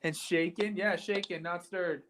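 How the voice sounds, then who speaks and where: A man investigating an old building, talking excitedly and rambling with lots of fillers, sometimes dropping to a whisper. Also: high voice, measured pace. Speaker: paranormal investigator. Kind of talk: live on-location ghost hunt. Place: walking through an old building indoors.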